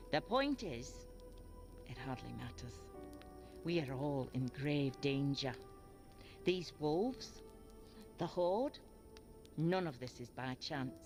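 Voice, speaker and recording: An actress playing a gruff old blind woman seer in a video game, blunt and wry. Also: very deep voice, full character voice. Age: older. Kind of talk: game voice acting.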